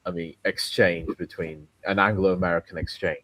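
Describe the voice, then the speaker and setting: A man on a podcast panel over a video call, speaking in a measured way and checking in with "right?". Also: low voice, little pitch movement, fairly bright tone, no room sound. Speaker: podcast guest. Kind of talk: casual panel chat.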